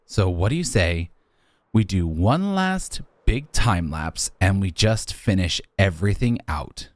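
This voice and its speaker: A man giving casual, jokey commentary while building in a video game, his voice jumping up high when he exclaims. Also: very animated, a little slow, no room sound. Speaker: Minecraft YouTuber.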